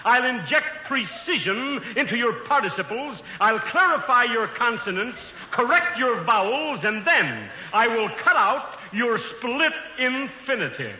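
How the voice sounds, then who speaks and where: An actor playing a pompous, long-winded professor of public speaking in a 1940s radio comedy, from an old broadcast recording. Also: male voice, very high-pitched, big pitch swings, a little slow, hardly any pauses, bright, forceful tone, highs cut off, heavily acted. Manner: pompous, grandiloquent. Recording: old radio broadcast, roomy hall, hiss.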